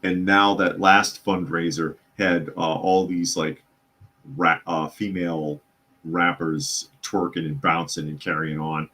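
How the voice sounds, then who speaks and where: A man with a low, deep voice hosts a casual live news talk podcast. He reads chat comments aloud and answers them in a sarcastic, opinionated way. His delivery rambles, with fillers and repeated phrases. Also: steady tone, slow, bright, forceful tone. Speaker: podcast host.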